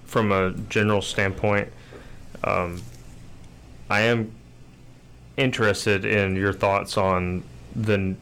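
A man hosting an interview, asking relaxed, thoughtful follow-up questions. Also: fairly low pitch, slow pace, pauses often, clear, resonant tone. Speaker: host.

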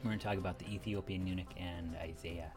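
A man's voice: low voice, fairly even intonation, fast, over music. A man hosting a casual church podcast as pastor, teasing his co-hosts in a playful way. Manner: teasing, playful, loud hyped greeting.

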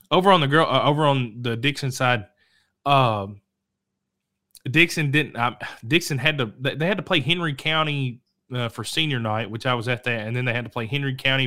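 A man hosting a local high school sports show, talking casually and rambling, correcting himself and coughing now and then. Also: moderate pace, sharp tone. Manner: rambling, self-correcting, chatty. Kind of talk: casual sports talk to camera.

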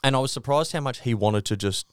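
A man's voice: medium pitch, fast talker, clean tone, no room sound. An Australian man on a podcast, chatting casually about sport with a mid-range voice. He tells long stories, swears freely and acts out other people's lines. The sound is close and dry, with no room in it. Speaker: podcast co-host.

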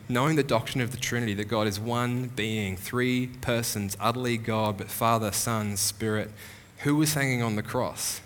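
A man, a pastor, giving an earnest teaching sermon at a live church lecture, slowing down to stress key phrases. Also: fairly low pitch, fairly bright tone. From Australia. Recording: echoey hall, faint background noise.

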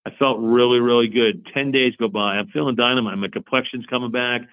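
A man's voice: mid-range voice, fairly even intonation, fairly quick, narrow, tinny audio. A man in his forties telling his own story as an interview guest, earnest and repetitive, acting out both sides of past conversations. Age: 40s. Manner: earnest, repeats himself, acts out both sides of dialogue. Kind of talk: confessional storytelling.

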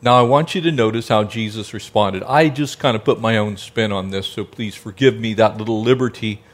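A man preaching a sermon, asking the congregation rhetorical questions and now and then dropping to a soft, gentle tone. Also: on the low side, a little fast. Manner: drops to a soft, gentle tone for quiet passages. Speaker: pastor.

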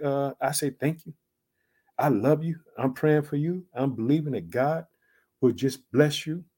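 A man preaching an online sermon with emphatic asides, swinging between loud and soft, drawing out key phrases slowly. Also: mid-range voice. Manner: emphatic, repeats "guess what" and "check it out".

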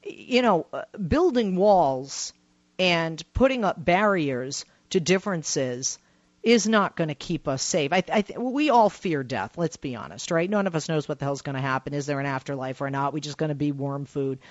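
A man hosting a call-in radio talk show, telling a story with emphatic swings between loud and hushed. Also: on the high side, expressive, moderate pace, dry recording. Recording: dull lo-fi radio sound, dry.

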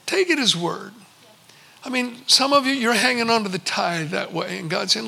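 A man in his sixties preaching a sermon, telling stories and slowing for emphatic pauses. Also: high voice, expressive, vocal fry, bright, forceful tone. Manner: storytelling, with slow emphatic pauses. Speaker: pastor.

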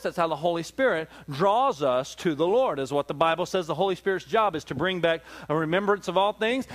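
High-voiced emphatic male pastor. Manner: emphatic, repetitive preaching with rhetorical questions. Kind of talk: sermon.

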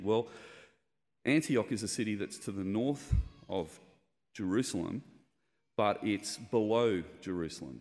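A man with a fairly low voice preaches in a conversational, explanatory way, now and then acting out quoted lines with energy. His voice rings with the long reverb of a church hall. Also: a little mellow. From Australia. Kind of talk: sermon.

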